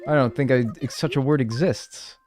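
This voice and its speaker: A man's voice: mid-range voice, fairly even intonation, moderate pace, darkish tone, soft background music. A man chatting casually with his live-stream audience, playful and mock-outraged, swearing as he jokes.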